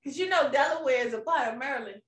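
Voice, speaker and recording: A woman's voice: high voice, fast talker, distant mic, noisy background. A woman co-hosting a casual podcast chat, playful and teasing, often laughing as she talks. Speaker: podcast co-host. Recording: roomy sound, a bit off-mic.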